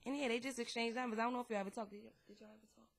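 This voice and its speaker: A woman's voice: a little high, steady tone, very fast, vocal fry. A woman, co-hosting a podcast in casual banter, blunt, profane and teasing. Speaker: podcast co-host.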